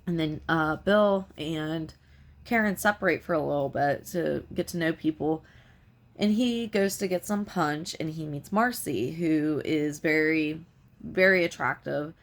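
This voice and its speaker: A woman talks through a film's story for a review, loose and conversational, stringing events together with "and" and "like". Her voice sits low in pitch. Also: measured pace. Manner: rambling retelling full of "like" and "you know". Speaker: film reviewer. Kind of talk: casual film review recap.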